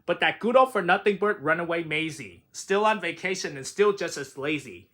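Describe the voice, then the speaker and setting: A man's voice: a little high, lively intonation, normal speed, a bit bright. A man reading a rhyming picture book aloud with a sing-song delivery. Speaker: reader.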